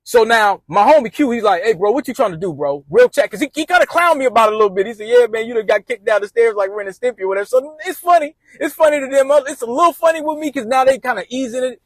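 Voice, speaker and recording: A man with a high-pitched voice tells a personal story in loose, slang-filled talk. He rambles and repeats himself, and he acts out his friends' advice in quotes. The sound is close and dry, with no room echo. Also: lively intonation, fast, few pauses. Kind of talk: casual storytime monologue.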